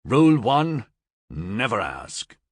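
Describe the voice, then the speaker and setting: A man doing a gruff, blunt smuggler. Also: medium pitch, sing-song, slow pace, no room sound, studio quality. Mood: menacing. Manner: blunt, curt, drawling.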